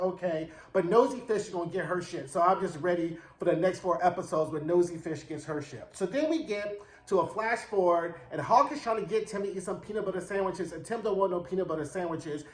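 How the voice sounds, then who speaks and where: A man with a high voice runs through a TV episode in a loose, sassy way, full of slang and swearing. He keeps slipping into the characters' lines as he tells it. The sound carries a noticeable room echo. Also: a bit bright. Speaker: TV recap reviewer. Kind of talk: casual show recap.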